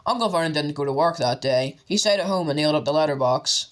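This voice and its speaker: A man narrating an audiobook with steady storytelling. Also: a little high, quick pace, few pauses.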